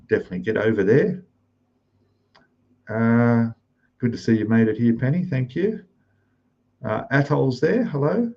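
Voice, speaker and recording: A man's voice: medium pitch, vocal fry, breathy edge, highs cut off. An Australian man hosting a live stream, greeting chat viewers one by one and keeping his voice down in a rented room. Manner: speaking softly, keeping voice down.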